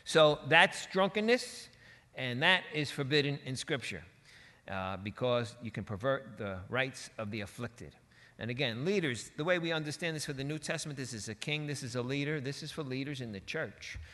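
A man delivers a sermon with a bright, forceful voice. He talks in a conversational, folksy way and slips into quick quoted voices and asides. Long reverb from a large hall trails each phrase. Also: medium pitch, lively intonation. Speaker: preacher.

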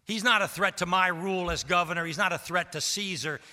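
A man voicing a scornful male Roman governor, speaking loudly and dismissively in a sermon. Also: sits high, a little fast. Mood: blustering. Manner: loud, emphatic and dismissive. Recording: long hall reverb.

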